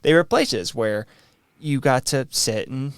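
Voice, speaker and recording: A man's voice: mid-range voice, lively intonation, takes it slowly, clean tone, no room sound, clean studio sound. A man co-hosting a podcast in a laid-back, casual chat, swearing now and then and running a trivia quiz. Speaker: podcast co-host.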